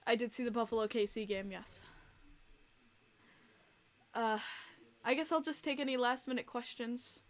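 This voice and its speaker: A woman's voice: fairly high pitch, normal speed, long pauses. A woman hosting a casual livestream podcast, talking emotionally and rambling with many fillers and restarts. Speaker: podcast host and streamer.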